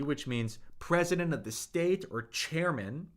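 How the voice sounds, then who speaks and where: A man's voice: on the high side, animated, measured pace, a bit bright. A young man teaching Mandarin on a livestream, reading chat comments and coaching with enthusiastic, hyped-up energy.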